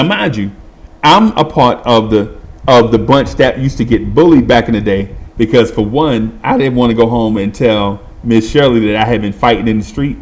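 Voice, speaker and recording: Animated man telling a street story. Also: medium pitch. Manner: animated, voices other people and makes sound effects. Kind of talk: casual storytelling.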